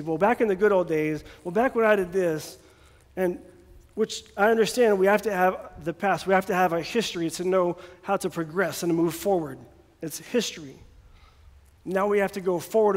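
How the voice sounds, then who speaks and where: A man preaching a sermon in a casual, joking way, sometimes acting out voices, recorded in a church. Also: high-pitched. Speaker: pastor. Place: church sanctuary. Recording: long hall reverb.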